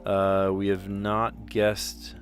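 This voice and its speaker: A man's voice: lowish voice, monotone, drawn-out words, soft background music. A middle-aged man, a teacher, chatting casually as he solves word puzzles aloud, muttering letters and laughing at himself.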